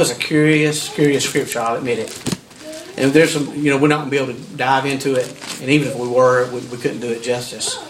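A man preaching a sermon in a lively, storytelling way, often repeating words as he builds up. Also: mid-range voice, noisy background. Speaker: pastor.

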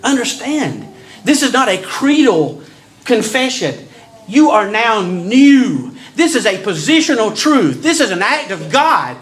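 A male pastor preaching a sermon, swinging from slow, dramatic pauses to sudden loud bursts. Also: sits high, sing-song, rough recording.

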